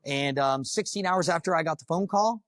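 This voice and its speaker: A man's voice: a little high, normal speed, a bit bright, no echo. A man from Florida, a firefighter, telling his own story to a live audience in a blunt, casual, profane way. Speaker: firefighter giving a talk. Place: conference room.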